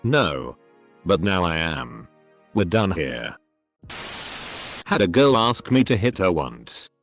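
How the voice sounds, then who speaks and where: A man reading online posts aloud as a scripted narration, his low voice moving through a lively, animated pitch range. He spells out censored words letter by letter. Faint music plays beneath him. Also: takes it slowly. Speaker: story narrator.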